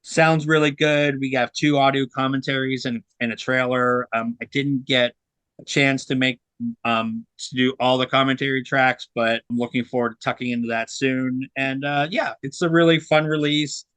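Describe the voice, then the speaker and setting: A young man co-hosts a casual film podcast with a bright, forward voice. He rambles loosely and fills his thoughts with ums and restarts. The sound is dry and close. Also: mid-range voice, little pitch movement, normal speed, smooth, no echo. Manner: rambling, many fillers and restarts. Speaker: co-host reviewing film releases.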